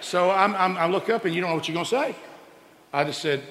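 A middle-aged man telling a comic story on stage, animated and jumping into quoted voices. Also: fast, long reverb tail, a little hiss or hum. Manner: animated, acts out quoted voices with big pitch jumps. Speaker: stand-up comedian. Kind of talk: stand-up storytelling.

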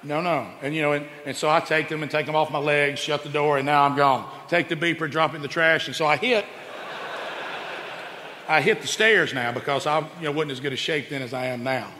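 A middle-aged man telling a comic story on stage, animated and jumping into quoted voices. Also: a little fast, big-room sound, a little hiss or hum. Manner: animated, acts out quoted voices with big pitch jumps. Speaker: stand-up comedian. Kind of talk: stand-up storytelling.

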